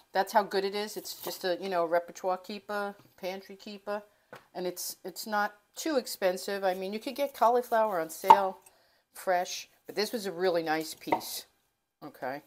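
A middle-aged woman hosting a cooking channel, chatting casually and rambling from her home kitchen. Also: on the low side. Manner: chatty, rambling, self-interrupting.

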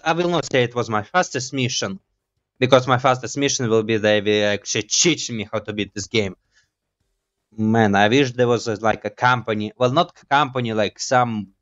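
Excitable man, slightly dull mic. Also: mid-range voice. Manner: excitable, jokey, laughs at himself. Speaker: gaming YouTuber. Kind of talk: casual let's-play commentary.

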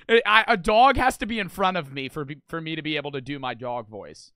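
A man hosting a reaction video, talking casually in a loud, blunt, profane way and laughing often. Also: fairly high pitch, fast talker, hardly any pauses, no echo, clean studio sound.

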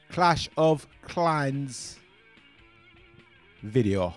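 A Cork man with a low-set, mellow voice talks through his game in an easygoing, rambling way. His chatter drifts from one thought to the next, and faint guitar music plays behind him. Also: steady tone, normal speed. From Ireland. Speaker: gaming channel host. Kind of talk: casual gaming commentary.

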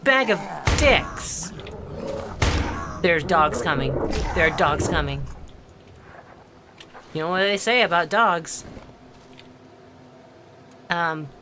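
A woman's voice: deep voice, slow pace, pauses often, background noise. A woman playing a horror game and commenting as she goes, tense and swearing, talking to herself and to the game. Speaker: let's play gamer.

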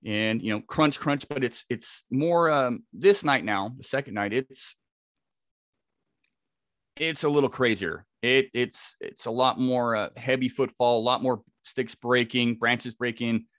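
A man's voice: mid-range voice, a little slow, a bit bright, no room sound, studio quality. A man, a podcast guest, telling a vivid first-person encounter story with frequent restarts. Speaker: podcast guest, Bigfoot researcher.

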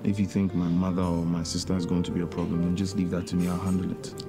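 An actor playing an earnest young man pleading with the maid he loves, speaking in an even, reassuring way. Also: deep voice, fast talker. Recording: guitar music under the voice.

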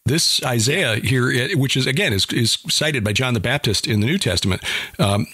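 A man's voice: medium pitch, animated, moderate pace, bright, forceful tone, husky, no room sound, clean studio sound. A man speaking hesitantly, with many fillers, as a panelist in a roundtable over a video call. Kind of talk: casual roundtable discussion.

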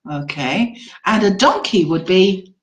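A woman teacher trainer presenting an online webinar in an animated, encouraging classroom-teacher manner. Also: mid-range voice, slow, poor audio.

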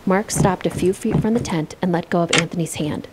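A woman voicing a calm character who tells ghost stories in a game, in an even, measured reading. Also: on the low side, very noisy, lightly acted. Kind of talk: scripted storytelling in a game.

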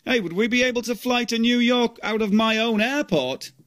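A man's voice: very high-pitched, moderate pace, a bit bright, pitched above the performer's own voice. A man voicing a resurrected singer, wry and self-mocking. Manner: dry, self-mocking quips.

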